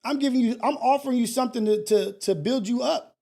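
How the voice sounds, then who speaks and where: A man's voice: very high-pitched, fast talker, vocal fry, warm tone. A man hosting a call-in talk show, ranting bluntly and emphatically, with slang and profanity and lots of repetition. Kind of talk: casual motivational talk show rant.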